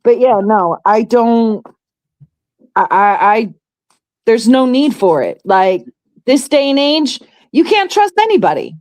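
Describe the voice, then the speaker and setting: A woman's voice: fairly high pitch, sing-song, takes it slowly, a little mellow, poor audio. A middle-aged woman with a New York accent, talking frankly and swearing in a casual chat.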